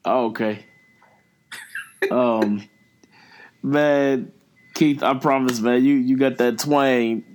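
A man's voice: medium pitch, steady tone, drawn-out words, long pauses, slight background noise. Easygoing man in a rambling sports chat. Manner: joking, rambling, apologetic teasing. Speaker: podcast co-host.

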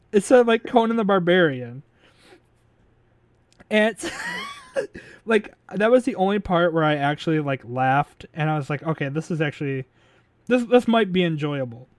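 Rambling man, slightly high, very dry sound. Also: animated, moderate pace, a little mellow, no echo. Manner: rambling, filler-heavy retelling with frequent laughs; swears casually. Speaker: podcast host recapping a movie. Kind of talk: casual chat.

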